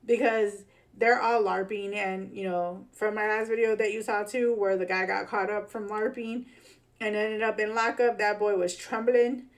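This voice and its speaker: A woman's voice: mid-range voice, fairly even intonation, normal speed. A woman with a Chicago accent talking casually in a vlog, slangy, rambling and fired up. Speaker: vlogger.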